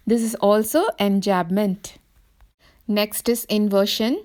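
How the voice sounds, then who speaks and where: A woman's voice: mid-range voice, darkish tone. A woman with an Indian English accent teaching a recorded English literature lesson in a careful, explanatory way. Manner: slow, careful explanatory delivery.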